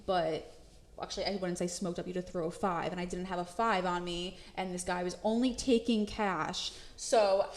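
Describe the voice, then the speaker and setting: A young woman co-hosting a podcast, telling a story in an animated way, laughing, swearing and acting out the quotes. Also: on the low side, normal speed. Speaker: podcast co-host. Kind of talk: casual storytelling chat. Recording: roomy echo.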